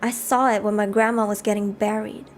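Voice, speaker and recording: A woman live-streaming a game, reading the story text aloud and chatting with viewers in an animated way. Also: medium pitch, a little fast, soft background music. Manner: animated, chatty, reads narration aloud between chat replies.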